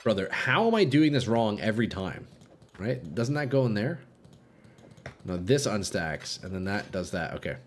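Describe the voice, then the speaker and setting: Lively, swearing male game streamer. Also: lowish voice, moderate pace. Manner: swears a lot, laughs and rambles to chat. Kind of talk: live gameplay chat with viewers.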